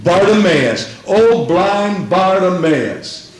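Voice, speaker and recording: Rousing preacher, man, high-pitched, booming room, distant mic. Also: lively intonation, drawn-out words. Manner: rousing, shouts rhetorical questions, acts out scripture quotes. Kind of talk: sermon. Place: church. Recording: echoey church from far off.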